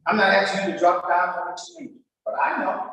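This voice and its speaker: A man's voice: high voice, lively intonation, fast talker, pushed and bright, far from the mic, a little hiss or hum. A male pastor teaching in an emphatic, repetitive, folksy preaching manner. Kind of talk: sermon-style teaching talk. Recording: very echoey church hall, heard from afar.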